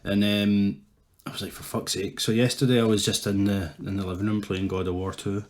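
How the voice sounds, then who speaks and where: A man's voice: lowish voice, level tone, brisk, a little hiss or hum. A Scottish man in his thirties, co-hosting a casual podcast chat, swearing often and laughing through his stories. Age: 30s. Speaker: podcast co-host.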